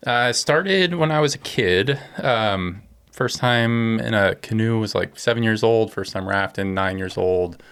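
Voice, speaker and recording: A man from California, a guest in a casual interview, telling stories about his life and work in a relaxed, plainspoken way. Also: on the low side, unhurried, smooth, no room sound. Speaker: guest, aerospace engineer and kayaker.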